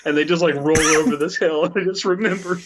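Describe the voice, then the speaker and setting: A man's voice: a little high, steady tone, fast talker, noisy background. A man co-hosting a casual podcast, telling rambling, profane stories full of restarts. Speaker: podcast co-host. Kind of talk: casual chat.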